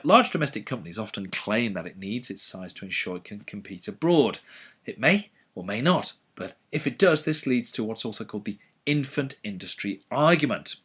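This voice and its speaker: Brief: male economics lecturer, expressive, wry, mid-pitched. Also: fairly quick, breathy edge. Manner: animated, sardonic asides. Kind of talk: educational lecture.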